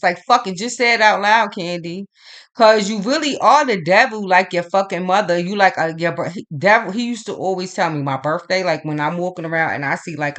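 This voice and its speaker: A woman who reads astrology and tarot, talking in a casual monologue. She tells stories in a rambling, profane way and keeps acting out both sides of old arguments with emphasis. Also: medium pitch. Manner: animated, profane, rambling storytelling; emphatic back-and-forth retelling of arguments.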